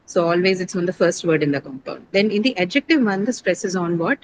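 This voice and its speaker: A woman's voice: fairly low pitch, fast, noisy background. A woman teaching an online English class, explaining step by step and often checking in with her students.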